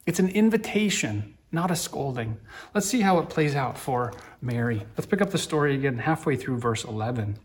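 A man preaching a sermon as a pastor, gentle and reflective, rising to earnest emphasis. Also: medium pitch, lively intonation, moderate pace.

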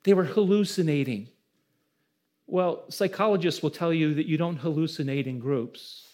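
Male pastor, high voice, preaching with rising emphasis and questions to the room. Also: moderate pace, a little mellow. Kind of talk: sermon.

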